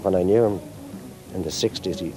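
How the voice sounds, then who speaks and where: A man's voice: deep voice, fairly quick, dark tone, soft background music, poor audio. A man interviewed for a documentary, speaking reflectively about someone he knew. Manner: reflective, recalling the past.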